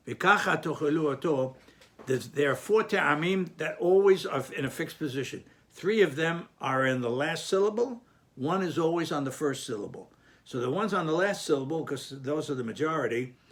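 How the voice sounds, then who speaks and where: A man's voice: fairly high pitch, a bit bright. A man teaching a spoken lesson on cantillation, patient and explanatory, often restarting his phrases.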